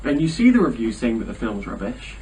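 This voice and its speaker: A young man trades dry, wry comments in relaxed podcast chat. His voice sits at an ordinary mid pitch. He is picked up from a distance with faint background noise. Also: brisk. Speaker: podcast co-host. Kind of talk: casual chat.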